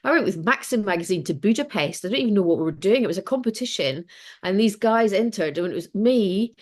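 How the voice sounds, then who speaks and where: A woman's voice: medium pitch, animated, fast talker. A middle-aged Scottish woman, a podcast guest, telling stories in a chatty, self-mocking way and laughing often. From Scotland. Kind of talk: casual podcast interview.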